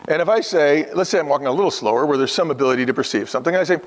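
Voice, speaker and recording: A man in his fifties, speaking earnestly and emphatically as a podcast guest. His voice sits a little high for a man. The recording carries a long hall reverb. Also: rapid-fire. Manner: earnest, emphatic storytelling that acts out the people he quotes. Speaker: podcast guest, former restaurant chief executive. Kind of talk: conversational interview.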